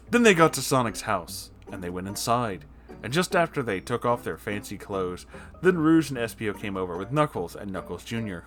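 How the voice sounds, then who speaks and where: A man's voice: medium pitch, a bit bright. A man giving a comedic reading of a fan fiction story, breaking off for mocking asides. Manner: mocking asides, frequent laughter.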